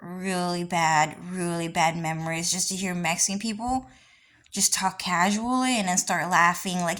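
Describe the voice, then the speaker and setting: A woman's voice: fairly low pitch, fairly even intonation, moderate pace, a bit bright. A woman vlogger talking in a casual, rambling monologue with many restarts and frequent swearing.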